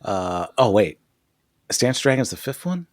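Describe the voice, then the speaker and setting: A man's voice: on the low side, big pitch swings, normal speed, no echo, clean studio sound. A man co-hosting a podcast, recapping a TV episode in a casual, profane, joking style and laughing often. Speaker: podcast co-host. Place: podcast studio.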